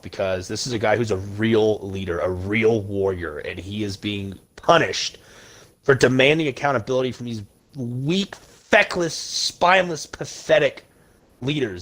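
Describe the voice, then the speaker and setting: A young man with a low-pitched voice rants heatedly on a casual podcast. He stacks up emphatic insults while playing a video game. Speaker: podcast host.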